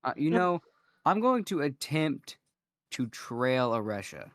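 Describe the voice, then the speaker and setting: Brief: lively male gamer, swinging pitch, dry close recording. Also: slow pace, dry recording. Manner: joking, animated retelling. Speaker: player. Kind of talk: casual gaming chat.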